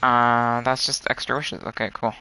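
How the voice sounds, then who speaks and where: A man's voice: mid-range voice, fairly even intonation, normal speed, smooth, poor audio. Chatty young man streaming game pulls. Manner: chatty, groans and complains loudly at bad luck. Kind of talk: casual live-stream commentary.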